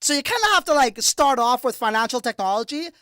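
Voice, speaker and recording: A man hosting a livestream, telling stories in casual, profane, animated chat. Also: very high-pitched, fast talker, dry recording, clean studio sound. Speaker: crypto livestream host.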